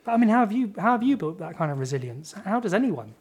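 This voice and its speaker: A woman's voice: medium pitch, very animated, fast talker, darkish tone, slightly rough. A woman hosting an interview, asking curious, probing questions in a casual conversational way.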